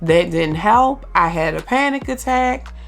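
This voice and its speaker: A mother talking candidly in a personal vlog, slow and halting, with many pauses and ums, open about her feelings. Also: medium pitch, animated, faint music behind. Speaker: mother vlogger.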